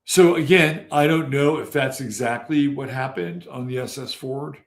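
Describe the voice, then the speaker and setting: A man's voice: mid-range voice, normal speed. A male podcast host talking in a casual, rambling way and swearing freely. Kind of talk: casual commentary.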